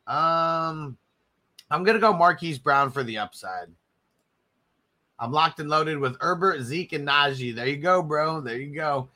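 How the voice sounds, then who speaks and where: Bright hyped dude on a live stream, kinda high voice, chill banter with chat. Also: male voice. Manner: hyped, shout-outs to viewers, relaxed banter. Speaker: livestream host.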